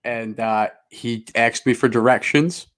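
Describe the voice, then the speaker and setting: A man's voice: mid-range voice, fairly even intonation, measured pace, a bit bright. A man co-hosting a podcast, telling a long casual story in a rambling, self-mocking way and swearing freely. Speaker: podcast co-host.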